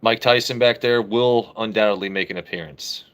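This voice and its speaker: A man with a somewhat low voice hosts a casual live stream. He jokes brashly and swears freely as he answers viewers' comments. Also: moderate pace, fairly bright tone. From United States. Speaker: livestream host.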